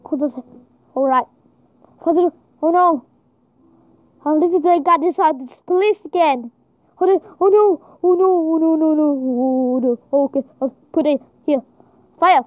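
Very high, excitable woman gaming. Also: measured pace, long pauses, no echo. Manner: excitable, frequent panicked exclamations. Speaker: gamer. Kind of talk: panicked gameplay commentary. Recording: tinny phone-like sound, dry.

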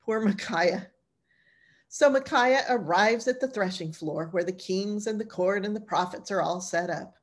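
A woman's voice: medium pitch, a little slow. A woman pastor teaching an informal Bible class, retelling stories in a chatty, colloquial way.

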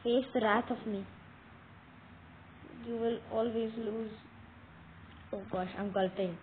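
A woman giving casual game commentary, talking straight to viewers with excitable, dramatic alarm. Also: fairly high pitch, takes it slowly. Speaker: gameplay commentator. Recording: tinny phone-like audio with faint noise.

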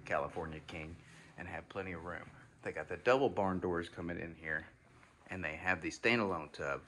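A man's voice: low-pitched, fairly bright tone, slight background noise. A man giving a casual, enthusiastic walkthrough of a new house, talking to viewers as y'all. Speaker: home tour host. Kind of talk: walkthrough home tour narration.

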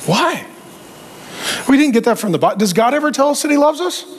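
A man with a strikingly high voice preaches a lively sermon. He jokes and mimics the people he quotes, with a faint hum of room noise behind him. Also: a little fast. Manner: animated and joking, acting out quoted voices. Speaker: pastor.

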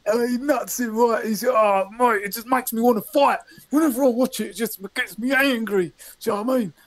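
A man with a high-pitched voice rambles through improvised comic banter. He is deadpan, stumbles over his words, and makes mock-aggressive threats. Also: brisk.

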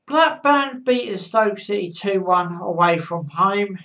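A woman talks through her football match predictions at a slow, unhurried pace, stopping often to gather her thoughts. Her voice sits at a mid pitch and sounds slightly distant from the microphone. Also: lively intonation, a bit bright. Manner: halting, with frequent pauses and fillers. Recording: voice a bit far from the mic.

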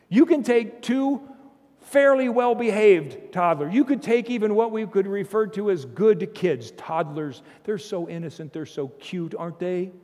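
A man preaching a sermon as pastor, emphatic, swinging from loud bursts to low, intense passages, with humorous asides and chuckles. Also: long reverb tail. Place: church sanctuary.

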